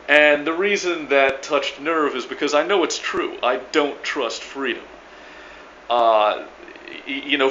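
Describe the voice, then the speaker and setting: A man's voice: medium pitch, sharp tone, highs cut off, a little hiss or hum. Emphatic stammering New Orleans man. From New Orleans area. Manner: emphatic, stammering restarts, swears casually. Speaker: video blogger. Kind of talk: casual video reply.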